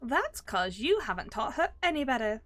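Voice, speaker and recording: A woman's voice: sits high, sing-song, normal speed, a bit bright, faint music behind, pitched above the performer's own voice. A woman voicing a spirited young female companion who talks in a teasing, playful way.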